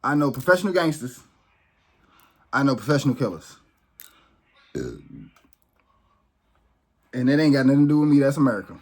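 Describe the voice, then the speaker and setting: Heated, husky-voiced man ranting on camera. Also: medium pitch, sing-song, normal speed, long pauses. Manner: heated, profane and emphatic, with frequent restarts. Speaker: vlog host. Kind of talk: unscripted ranting vlog.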